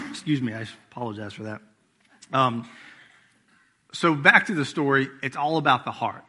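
A man's voice: mid-range voice, lively intonation, normal speed, pushed and bright, slightly rough. A middle-aged man preaching a sermon as executive pastor, telling family stories in a casual, conversational way. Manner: storytelling with acted-out quotes, conversational.

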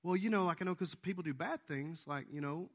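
A man's voice: a little high, fairly quick. A man voicing his young daughter as she asks him worried, hesitant questions. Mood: earnest worried. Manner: hesitant, earnest. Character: worried young girl, his middle child.

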